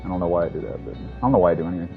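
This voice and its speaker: A man with a very low voice talks loosely over a game he is playing, drawling and poking fun at himself. The sound is dull and lo-fi. Faint game music runs underneath. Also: racing. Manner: rambling, self-deprecating, drawling. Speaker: streamer. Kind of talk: casual gameplay commentary.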